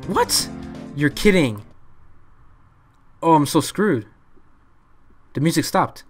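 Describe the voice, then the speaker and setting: Excitable man narrating his gameplay. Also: a little high, slow pace, faint music behind. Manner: excitable, talks to himself while playing. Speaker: let's play gamer. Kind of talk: live gameplay commentary.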